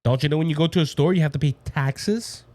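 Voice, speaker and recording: A man with a Cajun accent hosting a political commentary show, fired up and preachy, addressing listeners as ladies and gentlemen. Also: on the high side, fast. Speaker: talk show host.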